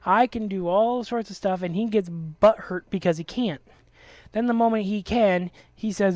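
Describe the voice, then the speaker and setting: A man's voice: sits high, normal speed, darkish tone, dry recording. A young man hosting a game video, delivering an angry, profane rant about a friend. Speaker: Let's Play host. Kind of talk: ranting commentary over gameplay.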